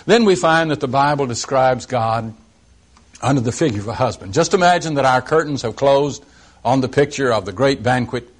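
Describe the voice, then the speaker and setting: A man preaching a sermon in a mild-mannered, unhurried way. He recites scripture slowly and lays out each point with care, in a voice of ordinary middle pitch. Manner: mild-mannered, slow and deliberate, quoting scripture.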